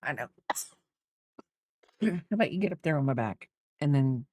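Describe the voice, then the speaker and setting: A woman with a low voice chats casually while crocheting, teasing and fussing over her dog. She rambles and restarts her sentences. The sound is dry and close. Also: animated, moderate pace, long pauses, a little mellow, breathy edge, no echo. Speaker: crochet streamer.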